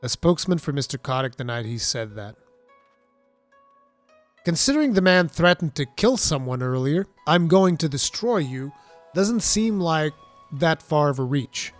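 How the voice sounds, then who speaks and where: A man's voice: a little high, expressive, normal speed, dry recording, faint music behind. A man reading a news article aloud and breaking off into sarcastic, exasperated commentary. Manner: sarcastic, exasperated asides between read passages. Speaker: commentary streamer.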